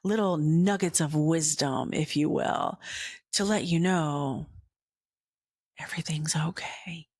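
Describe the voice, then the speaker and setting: An earnest woman hosting a faith podcast, speaking slowly in a lowish voice and slipping into hushed whispers for emphasis. The recording is dry and close, with no room sound. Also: breathy edge, no echo. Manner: earnest, slow, drops into whispers. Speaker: podcast host. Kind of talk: personal faith storytelling.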